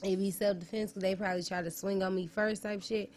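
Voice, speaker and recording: A woman's voice: mid-range voice, steady tone, brisk, a little mellow, a little hiss or hum. A woman, co-hosting a casual comedic chat, blunt, profane and emphatic.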